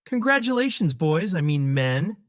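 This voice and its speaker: Guy doing a chill joking dad in an audiobook, fairly high voice. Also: very animated, normal speed. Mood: teasing. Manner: joking, light. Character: teasing easygoing middle-aged dad.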